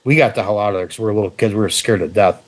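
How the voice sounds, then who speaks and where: A middle-aged man from central New York, telling a story as a podcast guest in a casual, animated way with frequent swearing. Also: on the low side, rapid-fire, no echo.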